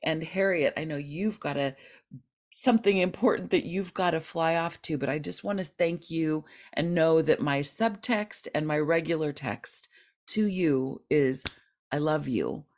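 A woman's voice: low voice, a little slow, darkish tone. A woman hosting a podcast interview who talks in an affirming, emphatic and heartfelt way. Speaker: podcast host.

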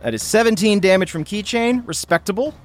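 A man narrating as game master of a tabletop game, playful and animated. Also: sits high, a little fast, soft background music.

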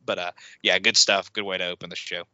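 A man co-hosting a casual podcast, speaking enthusiastically with frequent halting restarts. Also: low voice, little pitch movement, sharp tone, no room sound. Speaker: podcast co-host. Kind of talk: casual wrestling podcast chat. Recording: dry, dull lo-fi podcast audio.

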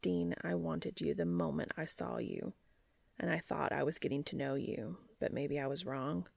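A woman reading an audiobook and voicing a shy, emotional young man in a low, breathy voice. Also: fairly even intonation, normal speed, a little mellow, no room sound, heavily acted. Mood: tender.

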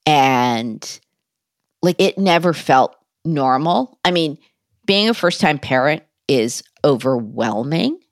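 A woman's voice: low voice, expressive, slow pace, no room sound, studio quality. A woman guest in an interview, telling a personal story in a candid, conversational way with wry humor.

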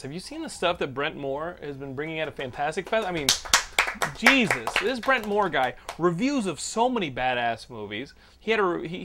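A man hosting a casual podcast, talking loudly and excitably, swearing and laughing often. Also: fairly high pitch, a little hiss or hum. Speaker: podcast host.

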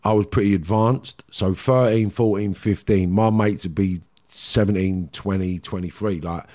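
In a candid interview, a middle-aged man from London with a Cockney accent tells stories from his past, blunt and rambling, with frequent "do you know what I mean." As the guest, he speaks at normal speed in a mellow voice on the low side.

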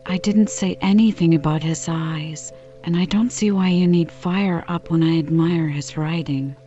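A woman's voice: lowish voice, steady tone, a little slow, warm tone, soft background music, lightly acted. A woman reading the lines of an earnest, self-important young girl in an audiobook, in a grave pleading manner. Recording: slightly dull lo-fi recording.

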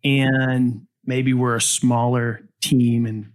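A man hosting a podcast, asking his guest questions in a relaxed, conversational way. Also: medium pitch, slow pace. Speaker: podcast host. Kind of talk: interviewing.

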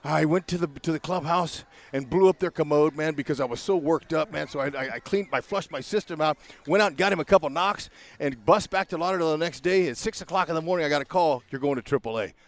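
Excitable older man spinning baseball yarns. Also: a little high, fast talker, few pauses. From California, USA. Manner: excitable, acts out every voice in his stories, peppers talk with "man". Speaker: guest, baseball broadcaster. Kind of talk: animated storytelling interview.

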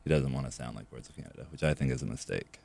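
A man with an extremely low, deep voice, recorded dry and close. He talks about his music in a relaxed, self-deprecating manner. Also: rapid-fire, gravelly, dry recording. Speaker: band member. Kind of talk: casual interview.

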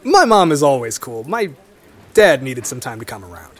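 Thoughtful young man with a lively voice. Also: mid-range voice, normal speed, a little hiss or hum. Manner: thoughtful, hesitant. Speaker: storyteller guest. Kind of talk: reflective conversation.

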